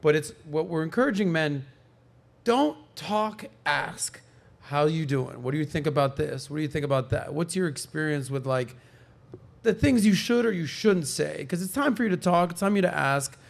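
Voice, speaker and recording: A podcast host with a slightly high, gravelly voice, a man chatting casually. He tells stories with energy and acts out the voices of the people in them. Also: normal speed. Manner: animated storyteller who acts out quoted voices.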